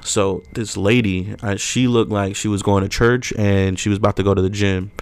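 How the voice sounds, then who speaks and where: Animated young man telling a story. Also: fairly low pitch, normal speed, clean tone, dry recording. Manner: animated storyteller, acts out quotes loudly. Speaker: podcast co-host. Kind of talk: casual podcast storytelling.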